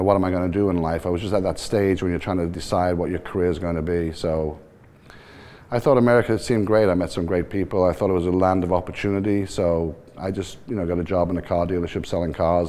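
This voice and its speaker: A man in his sixties with a mixed Irish and Liverpool accent, telling his life story in a relaxed, rambling interview. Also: deep voice, fast. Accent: Irish and Liverpool mix. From Ireland and England. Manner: relaxed, rambling, laughs easily. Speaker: team owner, interview guest.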